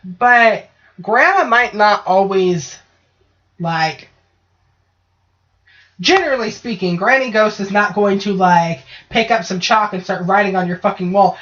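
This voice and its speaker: A woman co-hosts a casual podcast chat, easygoing and jokey, with a habit of swearing and checking in with "right?". Her voice sits at an ordinary pitch. The recording is dull and lo-fi. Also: a little slow, long pauses, fairly bright tone. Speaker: podcast co-host.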